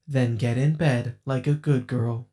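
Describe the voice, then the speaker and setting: A man voicing a female doll robot in an audiobook, speaking slowly in a tinny, kind-sounding way that hides something sinister. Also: medium pitch, fairly even intonation, mellow, lightly acted. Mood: soft commanding. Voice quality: metallic, kind-sounding, slow and deliberate.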